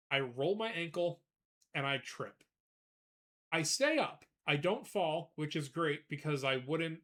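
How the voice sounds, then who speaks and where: A man streaming live, chatting casually and telling a rambling, animated story with frequent laughs, greeting viewers as he goes. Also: fairly high pitch. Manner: greets chat viewers between anecdotes.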